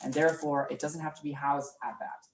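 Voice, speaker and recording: This workshop presenter talks briskly in a mid-range voice with little pitch movement, chatting informally through a training session for a small group in an office meeting room. Words get invented and sentences get corrected midway, while the far-off mic picks up room echo and faint background noise.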